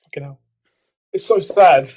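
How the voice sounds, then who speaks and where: A man's voice: measured pace, darkish tone, husky. A man hosting a casual podcast chat, rambling, giggling and swearing, slipping into mock impressions. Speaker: podcast host. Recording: low-quality audio.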